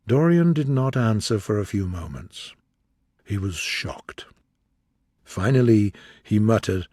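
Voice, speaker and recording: A man's voice: on the low side, expressive, takes it slowly, a little mellow, breathy edge, no echo, clean studio sound. Man narrating a graded-reader audiobook.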